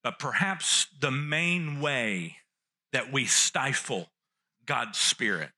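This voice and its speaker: Bright-voiced male pastor preaching. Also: mid-range voice, very animated, slow. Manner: earnest teaching, repeats key phrases. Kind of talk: sermon.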